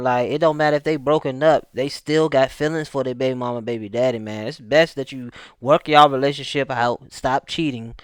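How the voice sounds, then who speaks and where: A man's voice: medium pitch, clean tone, no room sound. Man giving blunt reaction commentary. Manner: casual, preachy advice full of "man" and "y'all". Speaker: reaction channel host.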